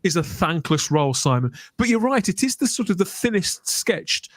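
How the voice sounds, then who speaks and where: A man's voice: sits high, big pitch swings, moderate pace, no echo. A man hosting a live review stream, reading out viewer comments between his own remarks. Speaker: podcast host.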